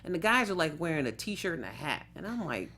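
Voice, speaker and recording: A woman's voice: low voice, fairly quick, slight background noise. A woman from Texas, an actress guest, telling stories in casual interview chat with frequent laughter. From suburbs of Houston, Texas. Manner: animated storytelling, laughs often.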